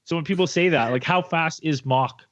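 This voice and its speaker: A man's voice: a little high, fairly quick, lo-fi sound. A man co-hosting a podcast in casual chat, cursing freely and acting out little scenes in silly voices. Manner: animated, profane, acts out scenes in silly voices. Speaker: podcast co-host.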